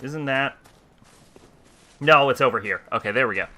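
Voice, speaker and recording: A man's voice: mid-range voice, normal speed, sharp tone. A man streaming a video game, commenting casually and grumbling with lots of swearing. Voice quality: profane, grumbling.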